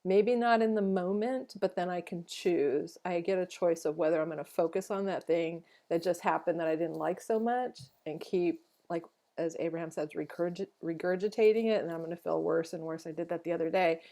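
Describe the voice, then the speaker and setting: A woman's voice: fairly low pitch, a little fast, few pauses, mellow. A woman co-hosting a podcast in casual chat, reflective and chatty, acting out her own inner thoughts as she talks. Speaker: podcast co-host.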